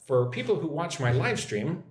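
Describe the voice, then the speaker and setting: A young American man teaching English on a live stream, chatting with viewers and repeating phrases slowly for practice. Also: a little high, big pitch swings. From United States. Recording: echoey room with faint noise.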